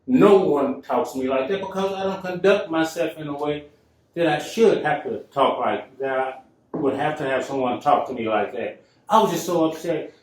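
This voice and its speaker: A man's voice: a little high, normal speed. Man hosting in an echoey room. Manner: conversational, emphatic storyteller. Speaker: show host. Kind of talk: casual talk-show storytelling. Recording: echoey room, mic at a distance.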